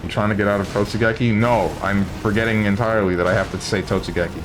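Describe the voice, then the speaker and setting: A man's voice: fairly low pitch, fairly even intonation, fast, music in the background. A man streaming a video game, chatting and joking with his viewers. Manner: joking, banter with chat. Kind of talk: casual chat while playing a video game.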